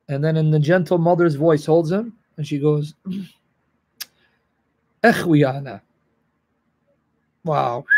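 A man's voice: a little high, darkish tone. A man teaching the Bible on a livestream, earnest and emotional, answering viewers in the chat by name.

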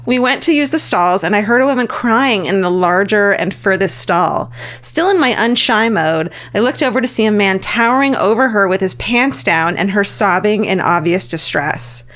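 A woman podcast co-host reads listener letters aloud in a casual, chatty way. Her pitch swings widely and she bursts into laughter often. She swears freely and reacts with big gasps. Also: expressive, moderate pace, a bit bright. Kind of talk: casual chat, reading listener stories aloud.

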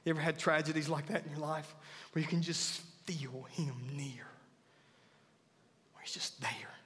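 A man's voice: fairly high pitch, normal speed, a bit bright. A man preaching a sermon as pastor, earnest and building to emphatic peaks. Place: church sanctuary. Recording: church hall reverb with faint music.

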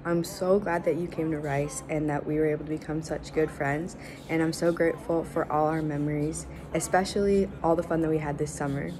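A woman's voice: deep voice, steady tone, a little fast, a crowd in the background. A young woman giving a fond, wistful farewell to a close friend. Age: young adult. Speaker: college friend. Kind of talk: farewell message.

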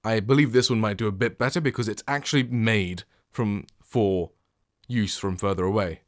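Man with a low voice, casual mic-test vlogger, rambling and self-deprecating, close dry studio sound. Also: moderate pace, no room sound. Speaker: tech YouTuber. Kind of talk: casual microphone test vlog. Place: small home room with acoustic foam. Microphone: close studio condenser microphone.

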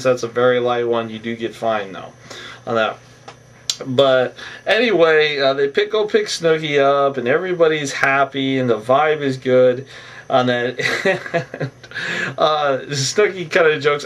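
A man talks through a reality show recap in a loose, rambling way, laughing to himself and leaning on the same filler phrase. His voice sits at an ordinary middle pitch. He sounds set back from the microphone, as in a home recording. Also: recorded from a distance. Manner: chuckles often, opinionated asides. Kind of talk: casual recap monologue.

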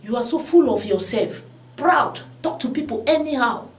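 A woman preaching, then leading an impassioned prayer that rises to shouts, repeating "oh God". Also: on the high side, lively intonation, normal speed, noisy background. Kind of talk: sermon and fervent prayer. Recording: echoey room with music behind.

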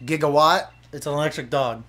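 A man's voice: fairly high pitch, fairly even intonation, brisk, pushed and bright, faint music behind. A young man doing casual, crude, teasing banter while commenting on a video game. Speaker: let's play commentator.

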